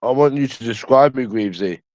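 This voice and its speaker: Young man, London accent, teasing, repeats his questions, mid-pitched voice, dry close sound. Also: fairly quick, a little mellow, dry recording, poor audio. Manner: teasing, asks the same questions over and over. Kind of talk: casual chat with viewers.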